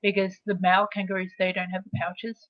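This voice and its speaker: A woman's voice: medium pitch, flat delivery, fast, no room sound. An Australian woman chatting on a livestream, teasing the host and explaining at length with many restarts. The sound is dull and muffled, and the audio is dry. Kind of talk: casual chat.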